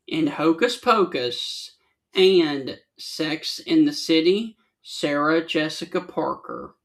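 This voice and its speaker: A man co-hosting a sports talk show, reading notes aloud in a measured way. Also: a little high, a bit bright.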